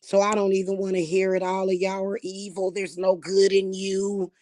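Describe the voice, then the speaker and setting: A woman vlogger ranting angrily to her viewers, swearing heavily, repeating insults and rising to shouts. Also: medium pitch, completely flat delivery, moderate pace, hardly any pauses, no echo, clean studio sound. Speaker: spiritual vlogger. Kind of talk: angry rant to camera.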